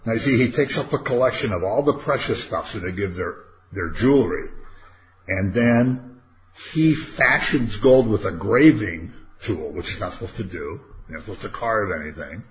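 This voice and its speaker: Man, low voice, Bible class teacher, conversational, rhetorical questions, dull lo-fi recording, faint hiss. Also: lively intonation, normal speed. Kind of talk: casual Bible study teaching.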